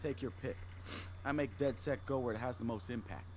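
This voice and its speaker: A man's voice: mid-range voice, fairly quick, lightly acted. A man voicing a laid-back, streetwise male hacker crew leader in a video game, casual and profane. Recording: game audio with crowd noise.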